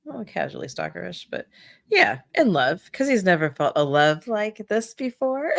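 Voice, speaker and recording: A woman with a low voice co-hosts a book club podcast. She chats casually, laughs easily and slips into playful voices for quoted lines. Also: very animated, moderate pace, vocal fry, no room sound, studio quality. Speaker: podcast co-host.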